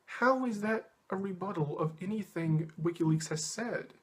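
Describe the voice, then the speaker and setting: A man's voice: sits high, moderate pace. A young man delivering a heated, sarcastic, profane political rant straight to his audience. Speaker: political commentary vlogger. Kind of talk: ranting monologue.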